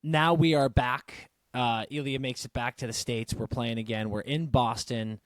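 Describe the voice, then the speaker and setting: Animated, swearing podcast host with a dry sound. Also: male voice, mid-range voice, moderate pace, no room sound. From Canada. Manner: animated, swears freely, retells scenes. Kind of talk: casual chat.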